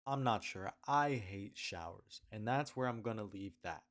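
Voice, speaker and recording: A man's voice: fairly low pitch, expressive, normal speed, a bit bright. Rambling young man at his webcam. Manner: rambling, self-questioning, trails off and repeats himself. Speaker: video diarist. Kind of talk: rambling confessional vlog. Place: at home at a webcam.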